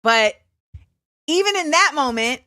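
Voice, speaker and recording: Bright, animated woman host. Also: high-pitched, a little slow, no room sound, clean studio sound. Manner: animated, acts out quoted voices, laughs often. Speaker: show host. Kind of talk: casual storytelling chat.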